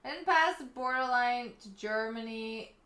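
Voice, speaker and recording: A young woman streamer chats in a giggly, unhurried way. Her voice is bright and a bit high, and the room around her sounds echoey. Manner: giggly, chatty, reads chat aloud. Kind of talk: casual live-stream chat.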